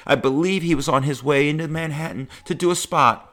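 A middle-aged man, a stand-up comedian, telling personal stories in a profane, heartfelt, animated way. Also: a little high, a little fast. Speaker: stand-up comedian, podcast host. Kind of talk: personal storytelling monologue.

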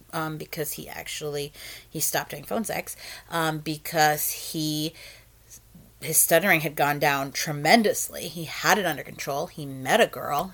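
Frank, low-voiced woman storyteller. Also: fairly bright tone. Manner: frank and matter-of-fact, with many fillers and restarts. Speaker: phone sex operator. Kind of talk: candid conversational storytelling.

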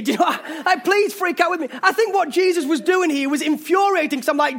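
A man's voice: extremely high pitch, fast talker, few pauses, fairly bright tone. A man with an English accent preaching a passionate sermon in a church, urging listeners on, with jokey asides. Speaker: pastor. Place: church hall.

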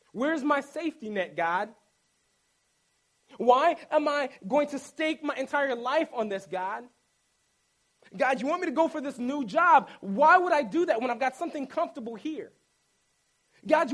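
A man's voice: extremely high pitch, fairly bright tone, voice pushed up, full character voice. A man voicing Moses as an anxious, reluctant man who protests and pleads with God in whiny questions.

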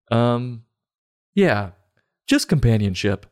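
A man's voice: fairly low pitch, normal speed. A man reading a children's book aloud with sardonic, irreverent commentary. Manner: sardonic, irreverent, deadpan asides. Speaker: comedic book reader. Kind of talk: sarcastic storybook commentary.

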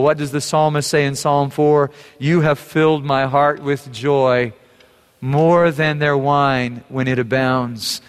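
A man preaching a sermon as pastor, earnest and building to fervent emphasis. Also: fairly high pitch. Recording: long hall reverb.

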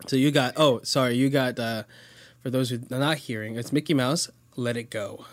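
A woman's voice: extremely low pitch, normal speed. A young woman hosting a casual chat, playful and teasing, laughing often. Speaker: host.

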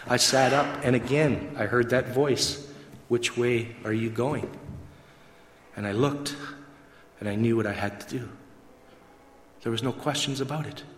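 A man's voice: mid-range voice, moderate pace, pauses often, slight background noise. Man telling a dramatic testimony. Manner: dramatic storyteller, acts out dialogue. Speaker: gospel mission worker giving testimony. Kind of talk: emotional testimony to an audience. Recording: echoey hall with long reverb.

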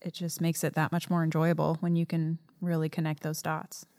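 A woman's voice: deep voice, monotone, a little fast, darkish tone, no echo, clean studio sound. A woman co-hosting a podcast chat, upbeat and asking the guest questions. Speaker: co-host.

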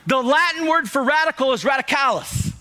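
A male pastor preaches with fiery passion, his voice high for a man and bright, almost ringing. He swings from near-shouts on his key points to quiet, hushed lines, and acts out the dialogue in his stories. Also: lively intonation, fairly quick. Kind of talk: sermon.

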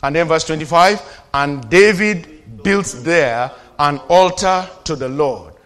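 A man preaching as a pastor, calling to the congregation and dropping from loud declarations to quiet asides. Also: a little high, slow, soft background music. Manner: preachy call-and-response, swings from shouting to quiet asides. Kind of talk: sermon.

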